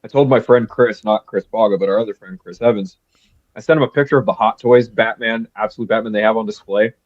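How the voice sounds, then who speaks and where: A man chatting casually on a podcast, telling animated stories and swearing freely. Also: lowish voice, fast, dry recording. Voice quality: animated storyteller, swears a lot. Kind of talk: casual chat. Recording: dull lo-fi mic.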